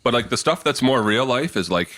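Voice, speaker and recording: A man's voice: medium pitch, animated, a little fast, a bit bright, dry recording, studio quality. A man in his thirties co-hosting a podcast, telling stories in a rambling way full of fillers. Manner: rambling, filler-heavy storytelling. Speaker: podcast co-host. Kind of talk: casual chat.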